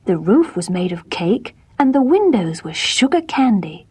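A woman storyteller reading a fairy tale aloud in gentle, measured, soft-spoken scripted narration. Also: medium pitch, sing-song, heavy background noise.

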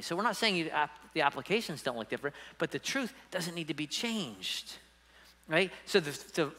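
A man preaches to his congregation in a bright, forceful voice pitched a little high. He talks emphatically but conversationally, often checking in with his listeners. The sound carries a long reverb from a church hall. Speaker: pastor. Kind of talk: sermon. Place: church sanctuary.

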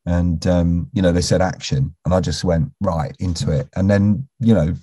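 A man's voice: sits low, fairly even intonation, moderate pace, dark tone, husky, no echo. A middle-aged British man, an actor, casually telling a long anecdote in a rambling way, full of restarts and "you know", sometimes dropping almost to a whisper. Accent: British English. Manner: rambling, with many restarts and "you know"s, drops to a near whisper when quoting. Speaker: actor interviewed as a guest.

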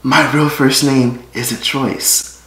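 A man with a gravelly, fairly bright mid-range voice talks slowly and flatly while vlogging to a handheld phone camera. As a YouTuber, he jokes with his viewers directly and swears a lot. The room is echoey, with faint noise.

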